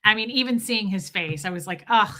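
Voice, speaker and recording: On a relaxed livestream, a woman talks directly to viewers and answers their comments as they pop up. Her voice is bright, forward and medium-pitched, and her fairly quick, chatty, emotional speech often restarts mid-sentence.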